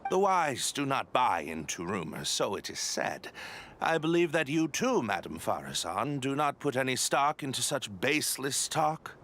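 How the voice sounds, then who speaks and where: An actor playing a polite but scheming male expedition leader, courteous and flattering with a sly edge, in a video game. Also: mid-range voice, normal speed, a little hiss or hum. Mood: dismissive. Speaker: expedition organizer.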